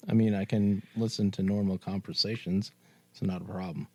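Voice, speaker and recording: Man, podcast co-host, lowish voice, dry close sound, laid-back, blunt, swears. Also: flat delivery, brisk, a little mellow, no echo. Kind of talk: casual chat.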